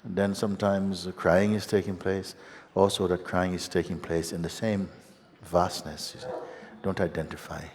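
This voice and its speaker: A man giving a satsang teaching as a spiritual teacher, gentle and unhurried, often breaking into laughter. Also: sits low, level tone. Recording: long hall reverb with faint ambience.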